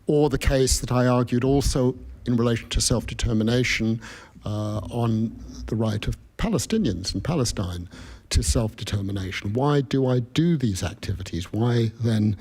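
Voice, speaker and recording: A man from the United Kingdom giving a public lecture, measured and reflective, posing questions to himself. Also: mid-range voice, a little mellow, husky. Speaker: guest speaker. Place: event hall with an audience.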